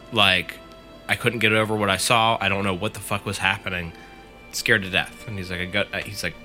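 A man's voice: fairly low pitch, bright, forceful tone. A man casually retelling a friend's scary story in the first person, swearing freely as he goes.

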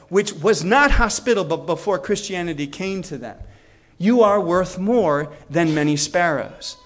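A man lecturing on history, telling the story with energy and acting out the quoted lines. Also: a bit bright. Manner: storytelling, acts out quotes with shifts in pitch.

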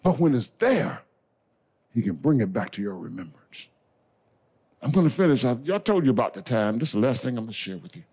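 A bishop preaches a sermon in a church sanctuary before a congregation, his medium-pitched, husky voice brisk, lively and swooping. Impassioned and folksy, he uses call-and-response, swings from soft asides to shouted climaxes, and calls the congregation y'all and baby.

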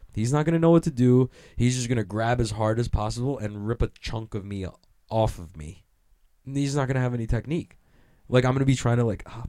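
A man's voice: fairly low pitch, mellow, no room sound, studio quality. A young man rambling through a profane, self-mocking comedic monologue, laughing at his own jokes.

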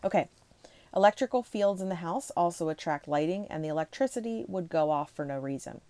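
A ghost-story video host reads to her viewers in a relaxed, chatty way, with asides along the way. She rushes ahead, trips over her words and stops to laugh at herself. Her low, mellow voice is recorded dry and close, with no room sound.

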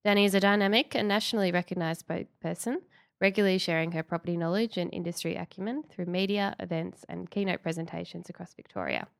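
Lady hosting a podcast, hoarse and nasal w a cold, smooth but gravelly. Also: lowish voice, fairly even intonation, fast. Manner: formal, reading from notes. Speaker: podcast host. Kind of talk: scripted introduction.

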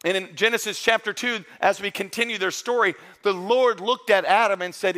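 A male pastor delivers a sermon to his congregation in a church service. His voice sits high for a man and sounds bright and forward. He preaches earnestly and conversationally, often restarting and repeating words as he goes. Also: fairly quick, few pauses.

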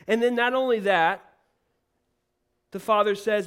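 Man, high voice, preaching sermon, emphatic, rhetorical questions. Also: a little slow, pauses often, fairly bright tone, smooth.

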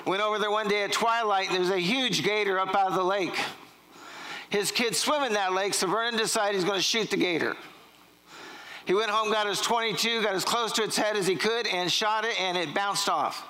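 A man's voice: high-pitched, fairly quick, bright, forceful tone, poor audio. A middle-aged man, preaching a sermon in a church, telling jokes and stories and quizzing the congregation. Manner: joking, storytelling, quizzing the congregation. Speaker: pastor. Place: church sanctuary.

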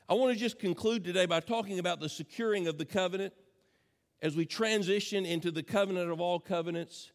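A pastor preaching a sermon with passion, swinging between loud declarations and hushed, intimate asides. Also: male voice, sits high, brisk, long reverb tail.

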